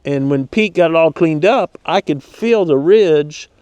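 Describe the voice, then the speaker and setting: Folksy joking host. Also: male voice, a little high, lively intonation, a little mellow, clean tone. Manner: folksy, joking, quick asides. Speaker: show host and deer hunter. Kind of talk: casual chat.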